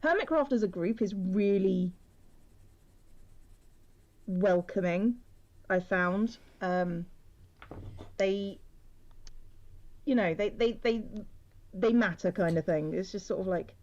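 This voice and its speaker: A woman's voice: mid-range voice, slow, pauses often, darkish tone. Woman artist streaming while drawing, hesitant, self-deprecating chat, slightly dull lo-fi audio.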